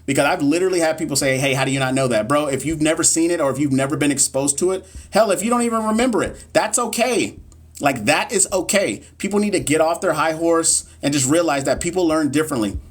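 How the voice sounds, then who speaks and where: A man's voice: on the high side, quick pace, husky. Blunt, slangy man tutoring live. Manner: casual, blunt, encouraging, uses slang and swearing; reads quiz questions aloud, then chats with viewers. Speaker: nursing exam tutor. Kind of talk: live-streamed Q&A teaching. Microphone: phone livestream.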